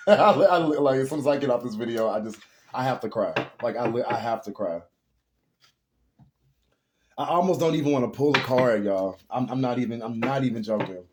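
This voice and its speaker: A man with a medium-pitched voice talks briskly over background noise, giving viewers a casual spiritual tarot reading. He's earnest, emotional and rambling, calling his audience "y'all."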